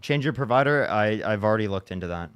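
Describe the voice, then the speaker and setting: A man's voice: on the low side, animated, fast, clean tone, muffled recording. A man hosting a livestream, talking casually and frustrated, swearing and restarting his sentences. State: upset after a bad day. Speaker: livestream debate host.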